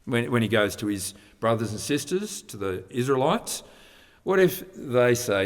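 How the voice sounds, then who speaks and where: A man's voice: mid-range voice, sing-song, a little slow. A man preaching a sermon, explaining in a conversational way and often restarting his sentences. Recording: long reverb of a hall.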